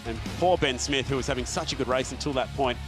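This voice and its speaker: Race commentator over loud music. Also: male voice, mid-range voice, quick pace. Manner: energetic, chatty, laughs often. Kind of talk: sports commentary.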